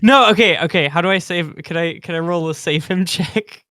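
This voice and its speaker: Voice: mid-range voice, fairly quick, fairly bright tone, no room sound, clean studio sound. A player in a tabletop game who giggles often and stumbles over words. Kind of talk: casual tabletop game play.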